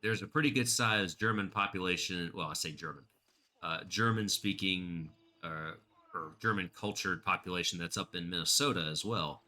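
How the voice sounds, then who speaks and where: A male streamer rambles through casual commentary while he plays. He talks to his chat and drifts from topic to topic. His voice sits low, with a strikingly sharp, bright edge. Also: normal speed. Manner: rambling, chatty, reads chat aloud.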